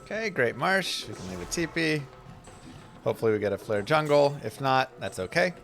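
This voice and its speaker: Gravelly-voiced man streaming a game. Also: on the high side, animated, a little fast, fairly bright tone, faint music behind. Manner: chatty, anecdotal, reads chat aloud. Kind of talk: casual live-stream commentary.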